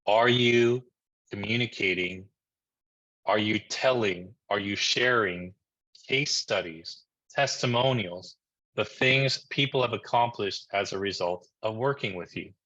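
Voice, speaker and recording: Bright-voiced man from New Jersey coaching. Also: fairly low pitch, measured pace, muffled recording. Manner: energetic, conversational, keeps checking in with "right?". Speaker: marketing coach presenting a webinar. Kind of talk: live online presentation.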